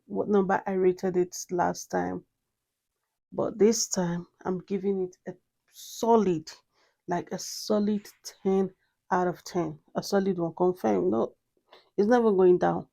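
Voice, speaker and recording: Slow, gravelly-voiced woman gushing. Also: medium pitch, dark tone. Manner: gushing, repeats phrases, exclaims often. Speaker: fragrance reviewer. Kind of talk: casual review vlog.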